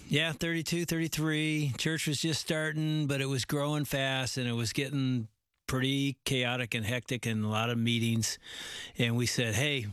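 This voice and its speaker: A man's voice: mid-range voice, little pitch movement, moderate pace, a bit bright, smooth, no room sound, clean studio sound. A middle-aged man speaking thoughtfully as host of a faith conversation.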